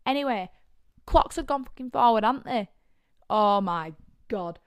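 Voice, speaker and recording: A woman's voice: a little high, a little slow, clear, resonant tone, dry recording, studio quality. Sweary Lancashire woman telling a story. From North West England. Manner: animated, sweary, blunt storytelling with shouted asides. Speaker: podcast host. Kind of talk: casual storytelling.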